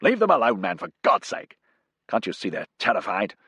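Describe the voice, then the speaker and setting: A man voicing a stern British army captain who gives brisk commands in a raised voice. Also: sits low, sharp tone, slightly rough, no room sound, full character voice. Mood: brusque.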